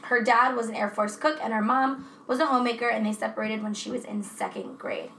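A woman's voice: a little high, big pitch swings, fairly quick, gravelly, fairly bright tone. A woman co-hosting a podcast in a casual, chatty way, swearing freely. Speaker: podcast co-host. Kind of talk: casual true-crime chat. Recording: echoey room with faint noise.

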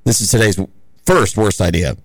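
A man's voice: fairly low pitch, animated, moderate pace, dry recording. A man hosting a talk radio show in a studio, chatting casually and rambling, with many fillers and restarts.

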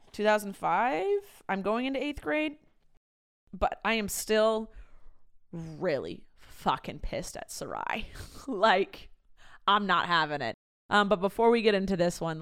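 A woman's voice: medium pitch, expressive, measured pace, a bit bright, clean tone. A woman in her thirties hosting a podcast, chatting casually and reading her old diaries aloud, swearing freely and laughing at herself. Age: 30s. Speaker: podcast host.

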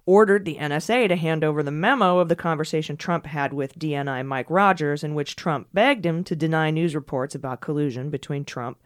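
A woman hosting a podcast, thanking her co-host and then explaining the week's news in an energetic, digressive way. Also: sits low, fairly quick, few pauses, no room sound, clean studio sound. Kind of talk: casual podcast chat and news rundown.

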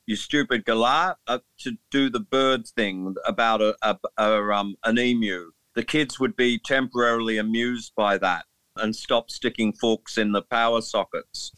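Bright-voiced Englishman telling stories. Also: medium pitch, dry recording. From England. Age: 60s. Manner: rambling, amused storyteller. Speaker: musician guest. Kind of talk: casual interview chat.

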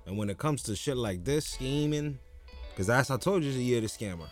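A man talking in a loose, casual chat, telling stories and laughing as he goes. He swears freely and keeps it easygoing. Faint music plays softly underneath. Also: medium pitch, animated, fairly quick. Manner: laid-back storyteller, swears freely, laughs often.

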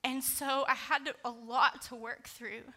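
A woman's voice: sits high, steady tone, a little slow, pushed and bright. A woman preaching a sermon, candid and conversational, mixing scripture with a personal story and casual fillers.

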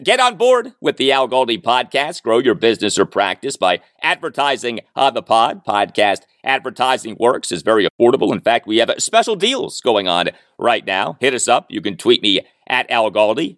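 Casting: male sports podcast host, 40s, animated delivery, dry close-miked sound. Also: mid-range voice, no room sound. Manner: brisk, reading listener emails with dry jokes. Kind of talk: sports talk podcast monologue.

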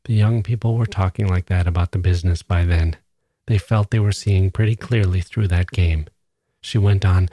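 A man giving measured, even narration of a literary novella, recorded close on a studio mic. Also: deep voice, husky, no echo. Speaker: reader.

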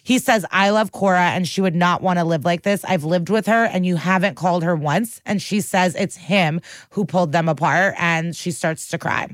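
A woman's voice: lowish voice, moderate pace, hardly any pauses, no echo, studio quality. A woman co-hosting a podcast, recapping a TV episode in a chatty, profane way and acting out the characters' lines. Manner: chatty, profane, acts out quotes. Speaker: podcast co-host.

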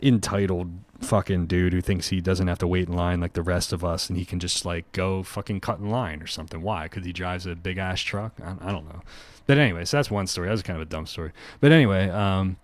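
A man's voice: low voice, a little fast, no echo. A man, co-hosting a podcast, telling a profane, ranting story in casual chat. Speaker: podcast co-host.

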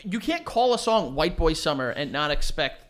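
A man's voice: on the high side, very animated, normal speed, a bit bright. A man co-hosting a podcast in casual chat, joking and rambling with frequent laughs. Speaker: podcast co-host.

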